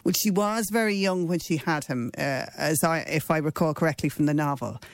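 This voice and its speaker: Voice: mid-range voice, a little fast, no echo, studio quality. A speaker chatting and teasing as a radio panelist. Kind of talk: casual radio chat.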